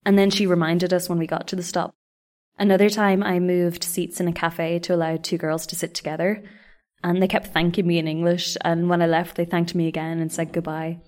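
A woman in her young adult years talks through stories of living abroad. Her voice sits a little low, and her manner is chatty and self-deprecating. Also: little pitch movement, brisk, darkish tone. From Ireland. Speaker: vlogger. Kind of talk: scripted travel storytelling.

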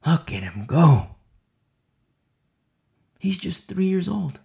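A male preacher delivering a dramatic sermon, swinging from loud declarations to hushed whispers. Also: fairly high pitch, big pitch swings, slow pace, gravelly.

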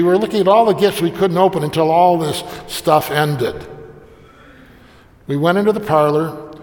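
A man's voice: on the high side, big-room sound. An older man telling a family story in a sermon, folksy and anecdotal, slipping briefly into the voices of the people in it. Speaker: preacher.

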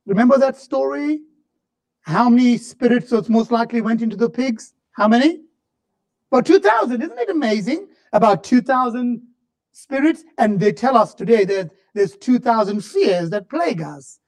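High-voiced, impassioned male preacher. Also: animated, normal speed. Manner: impassioned, swings from shouts to low murmurs. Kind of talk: sermon.

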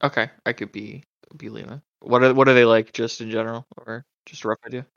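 A man runs a tabletop game, handing out rules calls in halting speech full of fillers. His voice is bright, and the audio is muffled and lo-fi. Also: medium pitch, level tone, creaky, no echo. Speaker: game master.

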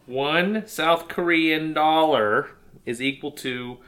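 A man's voice: a little high, slow, a bit bright. A young man co-hosting a podcast in casual chat, dry and blunt. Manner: dry, blunt, mock-exasperated. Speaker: podcast co-host.

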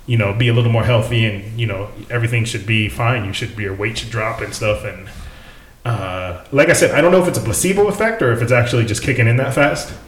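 This co-host of a casual podcast is a fast-talking man with a medium-pitched voice, captured with noticeable reverb. He keeps things relaxed, cursing freely and laughing a lot.

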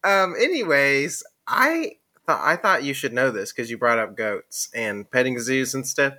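Giggly man with lively bright voice. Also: mid-range voice, measured pace. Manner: giggly, laughs often, bursts into silly sung bits. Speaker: podcast co-host. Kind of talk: casual comedy banter.

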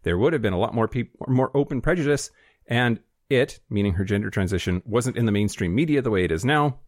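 Male podcast co-host, casual news read, sarcastic and profane, animated pitch, dry close sound. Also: fairly quick, dry recording. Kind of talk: casual chat, reading news. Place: studio.

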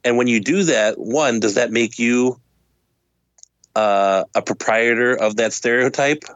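A man's voice: mid-range voice, a little slow, fairly bright tone, no echo, lo-fi sound. A man in casual podcast chat, making a thoughtful argument and building his case step by step. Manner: thoughtful, argumentative, speeds up and laughs between points.

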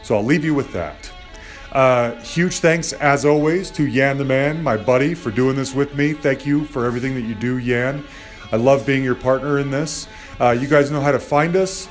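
A man's voice: medium pitch, moderate pace. Rambling friendly male podcast host. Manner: friendly, rambling, agreeable, filler-heavy. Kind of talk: casual podcast chat and outro. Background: music.

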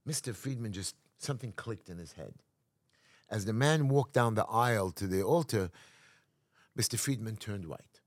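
A man's voice: on the low side, expressive, moderate pace, no echo, clean studio sound. A man, a community activist guest telling a story dramatically in an interview, emphatic and acting out quotes. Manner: emphatic, acts out quotes, restarts often.

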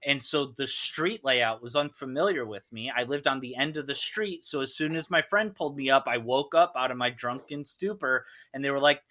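A man chatting casually about a movie, rambling and animated as he retells scenes and acts out the lines. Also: medium pitch, normal speed, few pauses.

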